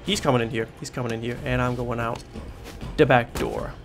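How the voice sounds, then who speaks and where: A man's voice: medium pitch, steady tone, a little fast, faint music behind. A man giving jittery, swear-filled commentary while playing a horror game, repeating himself when scared. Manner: panicky, swearing, repeating himself under stress. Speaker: gaming YouTuber.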